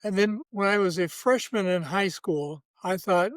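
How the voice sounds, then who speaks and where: A man in his seventies, a guest telling relaxed personal anecdotes in a measured way. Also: high-pitched, no echo. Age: 70s. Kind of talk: casual storytelling.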